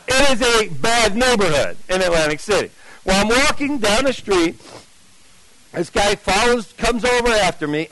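A man telling his testimony to an audience, conversational and animated, acting out the dialogue with big swings in his voice. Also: high voice, no room sound, low-quality recording. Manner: conversational, with fillers and restarts. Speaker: speaker giving a testimony to an audience. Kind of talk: storytelling testimony.

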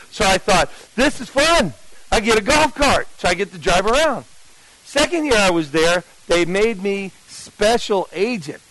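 A New Jersey pastor preaches a sermon through a personal story, acting out the dialogue with lively shifts. His voice is high-pitched, and the recording is dry and rough.

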